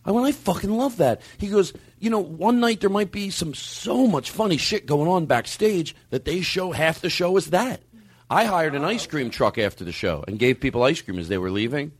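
A man hosting a comedy podcast, telling stories in a loose, profane, animated way that swings between loud and quiet. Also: a little high, normal speed. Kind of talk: casual comic storytelling.

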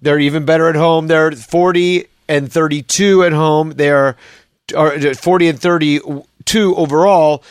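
A man's voice: fairly high pitch, dry recording, clean studio sound. A man hosting a solo sports podcast in a casual, rambling and sarcastic way. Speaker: podcast host.

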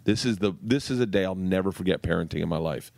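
A middle-aged man on a podcast, low-pitched, spinning animated family stories and cursing freely. His voice sits close and dry on the mic, with no room sound around it. He jumps into his daughters' voices mid-story. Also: fast, gravelly, no room sound. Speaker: comedian guest. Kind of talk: casual storytelling.

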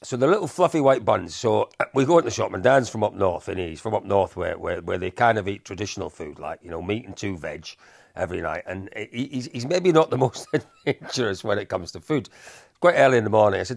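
A middle-aged man, a podcast co-host, telling animated anecdotes in casual chat with frequent laughs. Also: fairly low pitch, brisk, vocal fry, no echo, clean studio sound.

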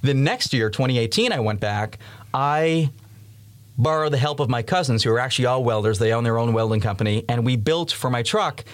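A young man in his early twenties tells stories as a podcast guest, with a voice of ordinary pitch. He talks in a lively way and laughs now and then. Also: fairly quick. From Massachusetts, USA. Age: 20s. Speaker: podcast guest, student storm chaser. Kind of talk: storytelling in an interview.

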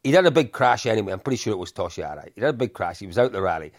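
An older man, telling lively anecdotes in a casual podcast chat, often laughing and repeating himself. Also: on the low side, very fast, no echo, clean studio sound. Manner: animated anecdotes with frequent laughs and repetitions. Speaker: podcast co-host.

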